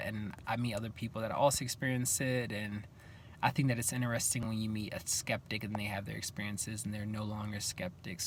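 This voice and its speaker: A young man talks straight to his viewers in an easy, everyday way, at an ordinary middle pitch. He tells his stories with lively energy and acts out what other people said. A faint hum sits behind his voice. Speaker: vlogger. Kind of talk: casual storytelling to camera.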